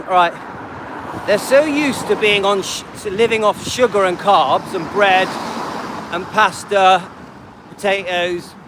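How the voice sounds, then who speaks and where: A man's voice: high-pitched, fairly bright tone, a little hiss or hum, poor audio. A man in his late fifties chatting casually on a livestream while walking his dog, rambling and talking to viewers by name. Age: 50s. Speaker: livestream host.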